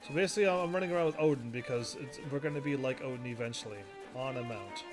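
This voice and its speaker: A man casually commentating while he plays a game, rambling and quick to laugh at it, with game music behind him. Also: mid-range voice. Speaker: gaming video host. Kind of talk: casual let's-play commentary.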